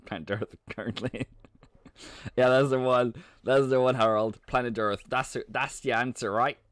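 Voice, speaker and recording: A man hosting a live trading stream, talking casually and playfully as he answers chat with frequent halting restarts. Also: mid-range voice, steady tone, fairly bright tone, no echo. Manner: chuckles often, halting restarts. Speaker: trading livestream host. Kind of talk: casual live market commentary.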